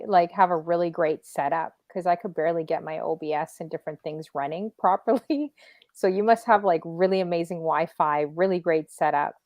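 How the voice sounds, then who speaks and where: A woman's voice: sits low, a little mellow, dry recording. Chatty Canadian woman hosting, dry sound. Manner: chatty, laughs easily, reads chat aloud. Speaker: talk show host. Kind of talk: casual interview chat.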